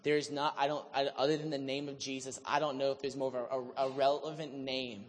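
A man preaching a sermon, telling the story in an animated, humorous way. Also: mid-range voice, a little fast, in a large hall, a little hiss or hum.

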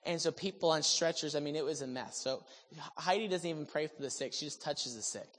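A man preaching a sermon, telling a healing story with animated delivery that swings from loud excitement to hushed, sober moments. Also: a little high, fairly quick. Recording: long reverb of a large hall.

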